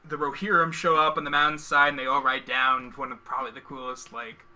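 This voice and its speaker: A man's voice: medium pitch, flat delivery, quick pace, sharp tone. A man co-hosting a casual livestream, rambling and joking as he trails off mid-thought, on one microphone shared between two hosts. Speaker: co-host of a livestream. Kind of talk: casual chat while painting miniatures.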